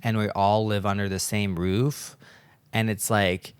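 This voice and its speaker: Man musing aloud, low voice, casual chat. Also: little pitch movement, measured pace, clear, resonant tone, dry recording. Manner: musing and reflective, with a lot of filler likes. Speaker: podcast co-host.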